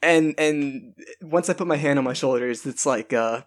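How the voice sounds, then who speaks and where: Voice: medium pitch, moderate pace, hardly any pauses. A player in a tabletop game, chatting and giggling while describing their character's actions. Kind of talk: casual tabletop role-play.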